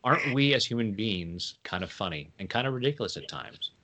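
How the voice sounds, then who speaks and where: A man chatting as an interview guest, playful and quick to laugh at his own jokes. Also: on the low side, lively intonation, pushed and bright. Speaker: guest, tapping coach. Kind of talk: casual interview chat.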